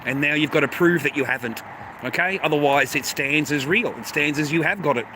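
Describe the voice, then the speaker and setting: A man's voice: fairly high pitch, fairly quick, noisy background. A middle-aged Australian man on a livestream, talking in a blunt, profane, rambling way. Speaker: livestream host. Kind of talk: unscripted livestream rant.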